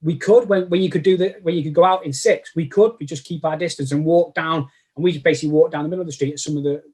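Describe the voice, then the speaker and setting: Higher-voiced Manchester man, rambling chat. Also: fairly even intonation, fast, darkish tone, slightly rough. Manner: rambling, lots of restarts and self-corrections. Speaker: guest cosplayer. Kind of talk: casual interview chat.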